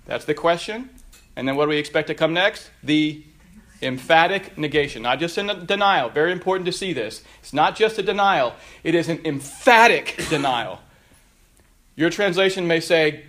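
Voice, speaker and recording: A man's voice: a little high, expressive, brisk, fairly bright tone. A man preaching a sermon, teaching through a text with emphatic rises on the verses he quotes. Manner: emphatic, rising on quoted scripture. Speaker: pastor.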